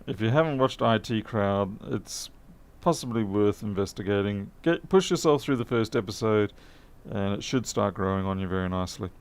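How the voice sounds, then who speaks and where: An electronics repair technician works on a laptop in his workshop, talking casually to camera, joking at his own expense, and muttering along the way. His voice is on the low side, expressive, clear, and resonant, at a moderate pace with few pauses.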